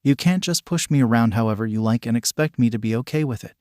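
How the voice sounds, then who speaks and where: A man voicing a furious, shaken teenage boy who shouts back in defiance. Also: mid-range voice, fast talker, no echo, clean studio sound, natural voice. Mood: defiant.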